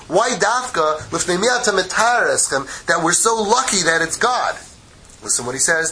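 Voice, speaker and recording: A man teaching a Torah lesson in an animated, joking way, mixing Hebrew quotes with English explanation. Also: high-pitched, normal speed, slight background noise, rough recording. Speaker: rabbi teaching a class.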